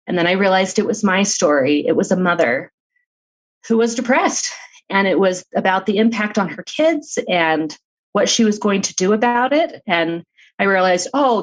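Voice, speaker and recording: A woman's voice: fairly low pitch, low-quality recording. A middle-aged woman, an author guest on a podcast interview, telling her personal story in an earnest, open way with light laughs.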